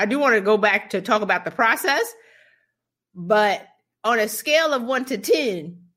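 A woman leads a casual conversation with animated energy. She laughs easily and slips into acting out what others said. Her voice sits high and sounds bright and sharp. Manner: animated, laughing, acts out quotes. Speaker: host.

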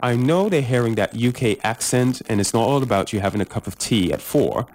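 A man's voice: mid-range voice, animated, darkish tone. A man hosting a radio interview show, enthusiastic, stretching words for emphasis, with many uhs. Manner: enthusiastic, drawn-out emphasis, fillers.

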